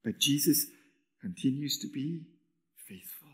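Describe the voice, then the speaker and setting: Giving a sermon, this man moves between emphasis and near-whispers, his pitch rising animatedly when he dramatizes quoted words. He is unhurried and leaves long pauses.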